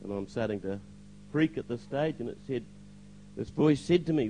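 A man's voice: mid-range voice, lively intonation, moderate pace, mellow, a little hiss or hum, poor audio. An older man giving a spoken testimony to a church congregation, hesitant with fillers, now and then acting out the lines he quotes.

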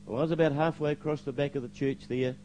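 A man's voice: fairly high pitch, steady tone, quick pace, a little mellow, slight background noise, poor audio. Older man telling his testimony. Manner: anecdotal, hesitant with fillers, acts out quoted lines. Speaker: church member giving testimony. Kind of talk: spoken testimony to a congregation.

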